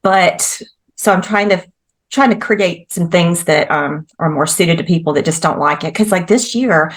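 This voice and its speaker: A woman's voice: fairly low pitch, normal speed. A woman, a podcast guest chatting casually in an easygoing way and laughing often. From Southeastern United States. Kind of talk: casual chat.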